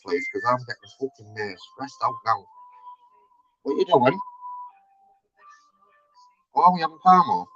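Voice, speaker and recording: A man in a casual vlog, loud and chatty and swearing freely while he waits on hold. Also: medium pitch, very animated, normal speed, long pauses. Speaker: vlogger. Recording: slightly dull recording with faint music.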